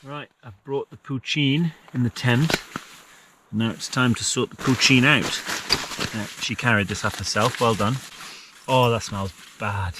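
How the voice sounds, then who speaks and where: A man talks casually from inside a small tent, often slipping into a fond, sing-song voice for his dog. He sits a little back from the mic, and steady outdoor noise runs clearly under his voice. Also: medium pitch, a little slow, distant mic. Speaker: vlogger. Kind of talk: casual camping vlog. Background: rain and outdoor noise.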